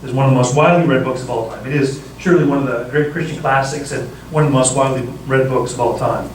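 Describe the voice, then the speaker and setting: A man, a Bible professor, giving a storytelling lecture, reading passages aloud and recounting events with animated retelling and frequent fillers. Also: medium pitch, fast, a little hiss or hum. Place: large hall. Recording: echoey hall, distant mic, faint ambience.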